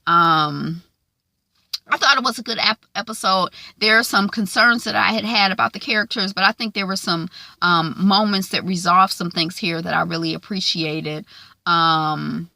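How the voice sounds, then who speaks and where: A woman casually recapping a TV episode in a chatty, slangy way, full of likes and ums and quick acted-out lines. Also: lowish voice, gravelly, no room sound. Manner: animated, acts out characters' lines.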